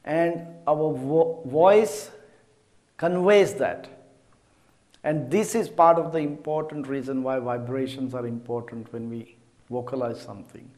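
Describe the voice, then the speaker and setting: A middle-aged man teaching about mantra chanting in a measured, deliberate way. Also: mid-range voice, steady tone, darkish tone. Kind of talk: slow explanatory teaching.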